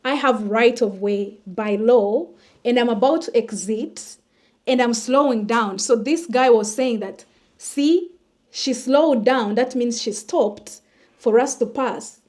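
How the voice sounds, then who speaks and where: A woman, a vlogger telling a personal story in an animated way and acting out the dialogue. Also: a little high, slow. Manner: animated retelling that acts out the dialogue.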